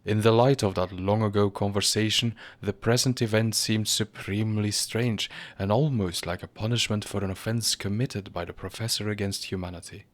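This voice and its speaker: A man with a low-pitched voice narrating a storybook reading. He keeps a measured, grave pace through the telling. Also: fairly even intonation.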